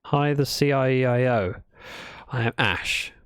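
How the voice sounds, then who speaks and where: A man's voice: mid-range voice, unhurried, clean tone, no echo. A man chatting casually while livestreaming a building game, playfully telling dad jokes to his chat.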